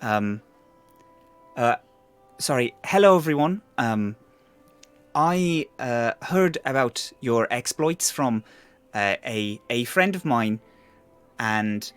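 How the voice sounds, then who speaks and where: A man's voice: medium pitch, lively intonation, slow, long pauses, fairly bright tone, clear, resonant tone, faint music behind. A man putting on a timid Welsh-accented toad healer. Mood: nervous, apologetic. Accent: Welsh, put on. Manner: nervous, stammering, keeps apologizing.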